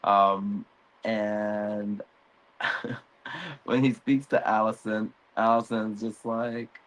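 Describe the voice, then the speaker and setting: A man hosting a casual recap show, relaxed, chuckling often, with many fillers. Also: on the low side, very slow, pauses often, poor audio.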